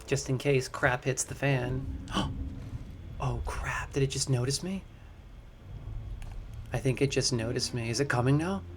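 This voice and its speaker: A man streaming a video game live, talking his moves through aloud to his chat, and loud and jumpy whenever something startles him. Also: medium pitch, moderate pace, a little hiss or hum. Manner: chatty, thinks aloud to chat. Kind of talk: live gameplay commentary.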